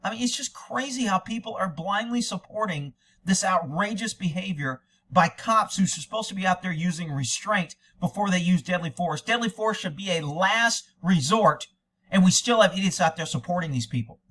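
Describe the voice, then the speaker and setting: Man, American accent, high bright voice, angry ranting commentary. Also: expressive, moderate pace. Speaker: commentator reacting to police video.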